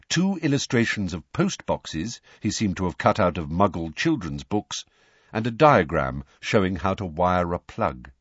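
A man reads a storybook aloud in a low, husky voice. His delivery is expressive and his pitch moves a lot. The recording sounds dull and very dry. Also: no room sound. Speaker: audiobook narrator. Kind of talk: audiobook narration.

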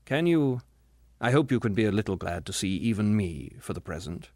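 A patient, gentle bright spirit, read by a man in his own low register. He talks softly and steadily, explaining with calm earnestness, though his pitch still moves a lot. The storybook recording is dry and close. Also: normal speed, no echo. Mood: gentle, soothing. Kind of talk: audiobook character reading.

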